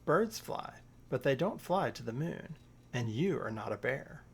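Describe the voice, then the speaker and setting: A man reading a storybook aloud, voicing a patient mother bear who gently teases her cub. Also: mid-range voice, sing-song, a little slow, gravelly, breathy edge, heavily acted. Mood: gentle.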